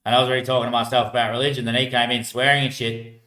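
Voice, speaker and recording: An Australian man rambling through casual stories about life on the streets, laughing often and trailing off quietly at the ends of his lines. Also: medium pitch, flat delivery, very fast, roomy sound. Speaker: homeless man telling stories.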